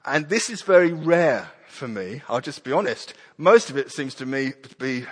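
Male preacher, animated sermon delivery, long hall reverb. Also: medium pitch, moderate pace, husky. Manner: animated, acts out prayers and children's voices.

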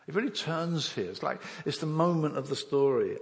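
A man's voice: on the high side, expressive, normal speed, few pauses, in a large hall. An older man from England preaching a sermon, telling his own conversion story and acting out the voices and thoughts of the people in it. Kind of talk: sermon with personal testimony.

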